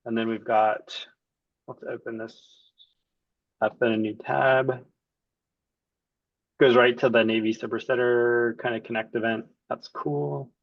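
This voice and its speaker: A man acting as the client, casually walking through a software demo and thinking aloud as he clicks around. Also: mid-range voice, steady tone, a little slow, creaky, pauses often, no room sound, muffled recording.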